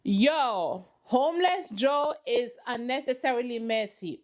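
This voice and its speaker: A woman's voice: mid-range voice, measured pace. A woman hosting a reaction channel, giving sassy, dramatic running commentary on a reality show from her couch at home.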